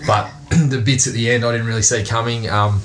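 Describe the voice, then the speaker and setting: A man talks loosely on a podcast, rambling and restarting his sentences and swearing offhandedly. His voice sits at a middling pitch. The delivery stays relaxed and chatty throughout. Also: a little fast. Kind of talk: casual chat.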